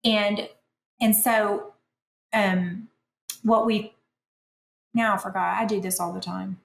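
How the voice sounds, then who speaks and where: A woman's voice: mid-range voice, takes it slowly, creaky. Chatty woman in a roomy room. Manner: chatty, animated, self-deprecating humor. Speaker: author and podcast guest. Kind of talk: conversational storytelling.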